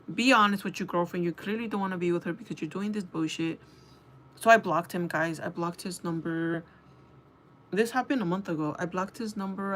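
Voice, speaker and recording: A young woman telling a casual storytime rant to her viewers, animated and swearing, acting out both sides of a conversation. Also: fairly low pitch, a little hiss or hum. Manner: animated, swearing, quoting herself and others. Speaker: beauty vlogger.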